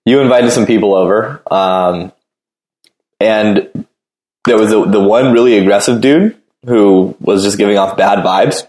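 A man's voice: fairly low pitch, measured pace, darkish tone, echoey room. A man in casual chat, talking in a loose, rambling way full of fillers.

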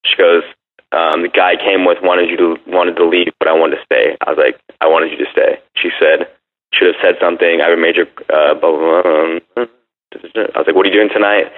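A man's voice: low voice, steady tone, brisk. A man in casual chat, telling a brash dating story and acting out text messages. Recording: phone-like narrow sound.

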